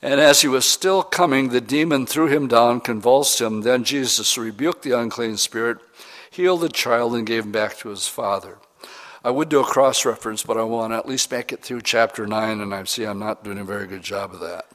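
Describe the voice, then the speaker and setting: A middle-aged man preaching as a pastor, reading scripture slowly and then explaining it in plain, conversational words with questions to the congregation. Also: mid-range voice, fairly bright tone. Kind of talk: verse-by-verse Bible teaching sermon.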